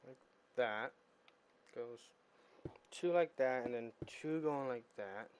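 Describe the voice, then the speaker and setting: A man streaming a building game, calmly counting blocks under his breath in casual chat. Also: mid-range voice, takes it slowly, background noise. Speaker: streamer building pixel art.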